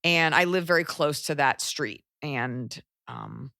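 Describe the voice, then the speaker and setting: A woman in her forties hosting a podcast, giving blunt advice in a casual chat, animated and quick with asides and swearing. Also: sits low, no room sound, studio quality. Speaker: podcast host.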